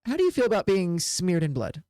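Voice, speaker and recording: Gm doing a practical huntress lady, brisk and decisive, dry sound. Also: mid-range voice, huge pitch swings, dark tone, dry recording. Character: practical female hunter, decisive.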